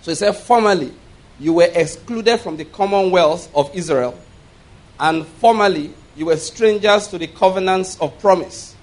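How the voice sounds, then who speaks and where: A male pastor preaching, reading scripture slowly with emphasis and having the congregation repeat key words. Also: high-pitched. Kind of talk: sermon. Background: congregation responding.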